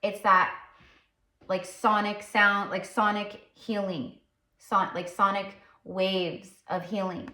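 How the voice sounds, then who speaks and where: A woman's voice: medium pitch, flat delivery, slow pace, sharp tone. A woman psychic tarot reader talking casually while channeling, rambling and full of fillers. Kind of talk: casual spiritual channeling talk. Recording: roomy echo.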